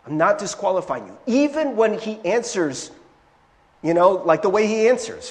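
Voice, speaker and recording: A man preaching a sermon as pastor, conversational and animated, with frequent "right?" asides and restarts, in a church sanctuary. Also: sits high, normal speed. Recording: long hall reverb from a church sanctuary.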